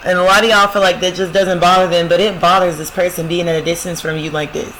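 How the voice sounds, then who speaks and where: A woman gives a casual prophetic love reading with a bright, sharp, forceful tone. She speaks straight to her viewers, keeps saying "y'all" and "I'm telling you," and reads song lines aloud before explaining them. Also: lowish voice, level tone, quick pace, a little hiss or hum, rough recording. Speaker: spiritual love-reading host.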